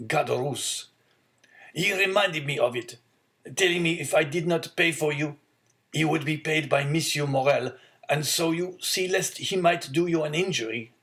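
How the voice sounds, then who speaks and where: A man doing a frail gentle old father. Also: a little high, pitched above the performer's own voice. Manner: weak, self-effacing.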